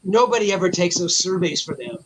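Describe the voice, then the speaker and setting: A man telling a long, profane, animated story in a casual chat. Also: high-pitched, fairly quick, a little hiss or hum, poor audio. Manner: profane, animated anecdote teller. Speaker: memorabilia collector guest.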